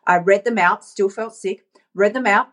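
A woman life coach giving a casual, animated motivational talk into her phone, chatting and laughing often. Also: mid-range voice, moderate pace. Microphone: talking into her phone.

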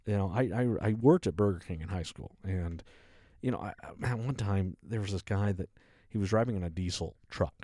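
A man's voice: deep voice, brisk, mellow, no room sound, studio quality. A man co-hosting a casual talk show, telling rambling stories full of fillers and laughs. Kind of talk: casual chat, storytelling.

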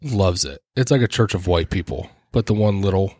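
A man's voice: sits low, brisk, a little mellow, dry recording, studio quality. A man co-hosting a casual church podcast, playful and jokey. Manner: playful, jokey, swings between voices. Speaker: podcast co-host. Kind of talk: casual chat.

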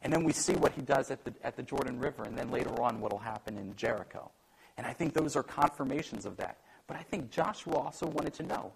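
A man preaching a sermon in an animated way, acting out the voices he quotes and joking about himself. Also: medium pitch, fast, gravelly, a little hiss or hum, rough recording. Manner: animated, acts out quoted voices, self-deprecating humor. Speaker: pastor.

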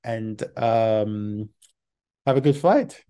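Rambling man hosting a podcast, mellow voice. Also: on the low side, extremely slow, clean tone. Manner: rambling, many fillers and restarts; acts out quoted voices in an anecdote. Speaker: podcast host. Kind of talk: casual solo podcast talk.

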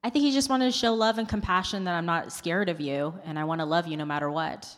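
Woman, congregation member, hesitant reply, low voice, reverberant room. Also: fast. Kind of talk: answering a question. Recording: distant in a reverberant hall.

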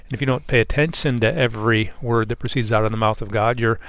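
A man's voice: medium pitch, steady tone, fast, a bit bright, slight background noise. A man on a Bible discussion panel speaking earnestly and reflectively, often repeating words as he gathers his thoughts.

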